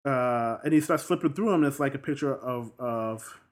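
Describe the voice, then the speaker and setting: A man in casual chat retelling a film's plot, acting out the characters' lines in quick, lively bursts. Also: mid-range voice. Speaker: film recapper.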